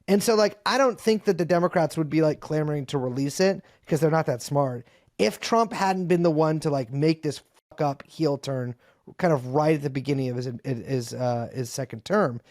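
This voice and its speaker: Rambling, profane man, fairly high voice. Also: moderate pace, darkish tone, dry recording, studio quality. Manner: rambling, profane, lots of fillers and restarts. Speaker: podcast guest. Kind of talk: casual political chat.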